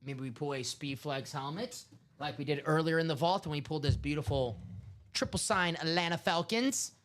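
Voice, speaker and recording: A man hosting a live sports card break stream, chatting casually and excitably with lots of fillers. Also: on the high side, moderate pace.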